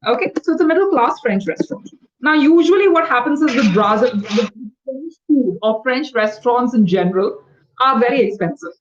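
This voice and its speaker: A woman tutoring English over a video call, explaining words quickly and patiently. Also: on the high side, expressive, muffled recording, slight background noise. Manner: fast-talking, explanatory, patient. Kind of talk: one-on-one online English lesson.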